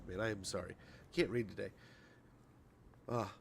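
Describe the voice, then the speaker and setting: A man's voice: lowish voice, fairly even intonation, moderate pace, vocal fry, pauses often, a little hiss or hum. A male streamer in casual livestream chat, reading patch notes aloud, rambling, tripping over words and laughing at himself.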